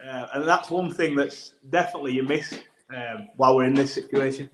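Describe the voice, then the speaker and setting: A man's voice: mid-range voice, brisk. A man, a rugby player guest, telling a story in casual podcast chat with lots of restarts. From England. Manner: rambling anecdotal storytelling with restarts. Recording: echoey room.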